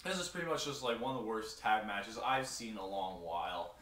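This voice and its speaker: A man's voice: fairly low pitch, fairly quick, fairly bright tone. Blunt, rambling young man in an echoey room. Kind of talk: casual wrestling review chat. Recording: echoey room, mic at a distance, faint noise.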